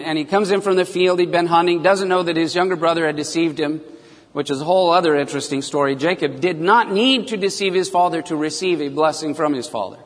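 A man's voice: on the high side, big-room sound. A male pastor preaching earnestly, acting out biblical dialogue in a raised voice. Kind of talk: radio sermon.

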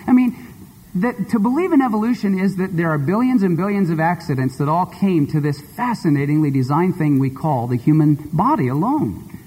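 A male preacher delivers a sermon in an expressive, conversational way. His voice sits fairly high and sounds husky, with a long reverb from a large church hall. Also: fairly quick. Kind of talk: sermon with storytelling.

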